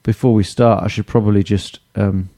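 A man's voice: fairly low pitch, steady tone, normal speed, creaky, warm tone, slight background noise. A man hosting a casual chat podcast, rambling hesitantly and mocking himself. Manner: hesitant, lots of fillers and restarts, self-mocking. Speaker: podcast host.

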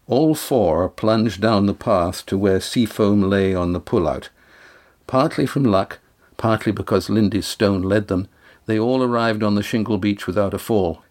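A man narrating an audiobook chapter in a steady, measured way. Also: on the low side.

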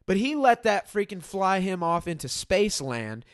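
A man with a somewhat high voice tells a story in a casual podcast chat. He acts out the quotes bluntly and with energy. The sound is dry and close. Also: very animated, unhurried, no echo.

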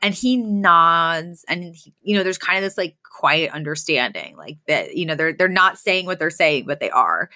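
A woman's voice: deep voice, expressive, moderate pace, few pauses, bright, forceful tone, no room sound. A woman co-hosting a podcast, casually retelling a sitcom episode and acting out the characters' lines. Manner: chatty storytelling, acts out quoted lines. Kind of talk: casual chat.

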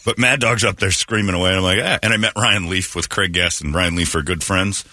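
A man's voice: deep voice, steady tone, brisk, sharp tone, no room sound, clean studio sound. A man who works as a radio host, telling rambling anecdotes in casual chat and acting out quoted lines.

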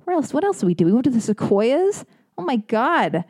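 A woman's voice: on the high side, big pitch swings, brisk, a little mellow, no echo, studio quality. A woman hosting a podcast, talking casually in a rambling, self-deprecating way with lots of fillers and joking asides. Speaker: podcast host. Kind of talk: casual personal monologue.

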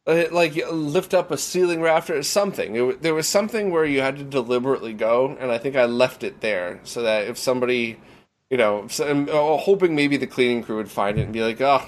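Young dude guest telling a story, swears a lot, super animated, mid pitch. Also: male voice, brisk. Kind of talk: casual chat.

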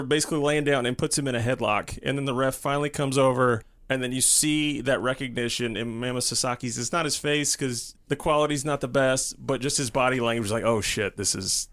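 A man's voice: medium pitch, fairly even intonation, brisk, a bit bright. A man co-hosting a podcast in casual chat, retelling what he watched in an emphatic way and swearing freely. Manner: emphatic, profane, vivid retelling. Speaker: podcast co-host.

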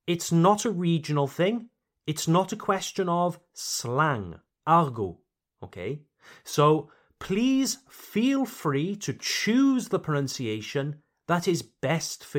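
A man's voice: a little high, sing-song, slow pace. A man, a native English speaker, hosting a podcast pronunciation lesson, speaking carefully and repeating words for learners. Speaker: English teacher and podcast host.

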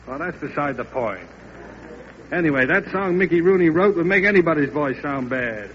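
A man's voice: fairly high pitch, animated, moderate pace. A man trading wisecracks as a guest star in scripted 1930s radio comedy banter. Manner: wisecracking, playful. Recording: muffled old radio broadcast with hiss.

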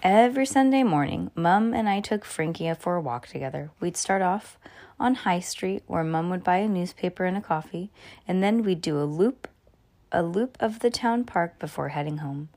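A woman's voice: lowish voice, expressive, normal speed, a little mellow. A woman reading a children's chapter book aloud at home, breaking off to comment and joke. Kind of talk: casual storytime read-aloud.

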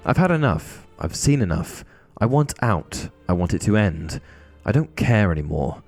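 A man's voice: on the low side, very animated, moderate pace, darkish tone, soft background music. A man voicing an angry, grieving teenage boy wizard who talks urgently and raises his voice. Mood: furious.

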